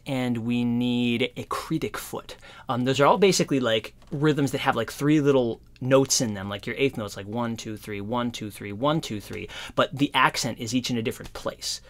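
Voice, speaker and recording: A man giving a casual guitar lesson, explaining in a relaxed, rambling way with lots of fillers. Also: medium pitch. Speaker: guitar teacher. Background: guitar playing.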